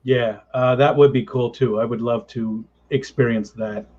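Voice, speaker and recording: A man's voice: medium pitch, steady tone, normal speed. A man hosting a livestream in easygoing, casual chat, laughing often and thinking aloud. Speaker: livestream host. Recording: slightly muffled lo-fi audio.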